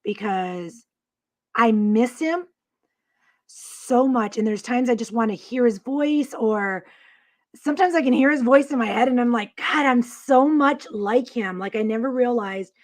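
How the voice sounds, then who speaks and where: A woman co-hosting a casual talk show, reading out viewer comments in a supportive, steady way. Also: fairly high pitch, unhurried. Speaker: co-host.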